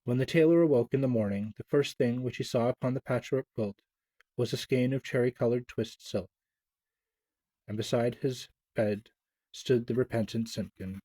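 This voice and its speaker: Mellow male storybook reader. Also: medium pitch, normal speed, dry recording. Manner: gentle, expressive reading with small stumbles. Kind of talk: storybook reading aloud.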